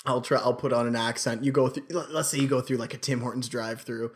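A man's voice: medium pitch, steady tone, fast talker. A man in easygoing podcast banter, with an everyday mid-range voice. He rambles through stories in a playful way and keeps dropping into silly impressions. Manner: storytelling, playful, puts on accents. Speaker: podcast co-host. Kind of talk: casual comedic chat.

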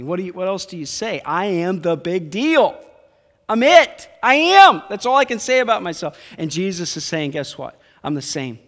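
A man preaching a sermon, emphatic, dropping to quiet asides and building to loud high peaks. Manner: emphatic preaching, swings between soft low asides and loud high climaxes. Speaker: pastor. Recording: long hall reverb.

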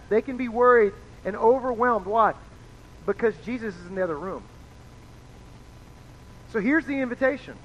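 High-voiced man preaching casually. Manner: casual, chatty, acts out quoted voices. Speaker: pastor. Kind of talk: conversational sermon. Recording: dull lo-fi sound with faint noise.

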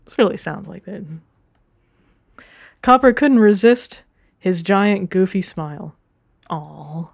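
A woman's voice: medium pitch, lively intonation, slow pace, vocal fry, long pauses, no echo, clean studio sound. A woman reading fan fiction aloud on a podcast, with amused, profane asides. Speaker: podcast co-host reading a story.

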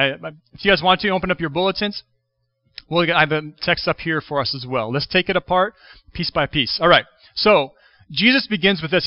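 A man preaching a Sunday sermon in a conversational way, thinking aloud with restarts and quick asides. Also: a little high, no room sound, lo-fi sound. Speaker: pastor. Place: church sanctuary.

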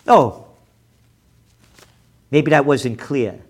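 A man hosting a forecasting show, delivering a combative, profane rant with loud bursts of shouting. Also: mid-range voice, drawn-out words. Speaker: host of a trend forecasting show. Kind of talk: ranting commentary.

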